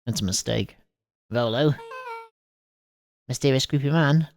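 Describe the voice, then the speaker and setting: A woman's voice: a bass voice, a little slow, darkish tone, dry recording, studio quality, soft background music. A woman streamer playing a story game, joking around and reading the kids' lines with playful voices. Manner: jokey, laughs often, reads kids' lines with voices. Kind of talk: playful let's-play commentary and character reading.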